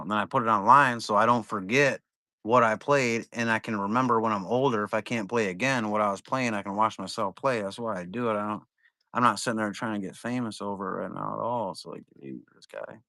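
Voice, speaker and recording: A man's voice: lowish voice, sharp tone, dry recording. A young man hosting a live card-break stream, chatting casually in a rambling, profane way.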